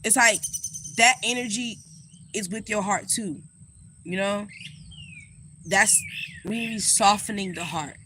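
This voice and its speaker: A woman astrologer gives a relaxed reading, sassy and animated and swearing freely as she talks straight to her viewers. Her voice is bright and sharp. Faint crickets chirp in the background. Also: medium pitch, slow pace, pauses often, slight background noise. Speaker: astrologer and spiritual reader.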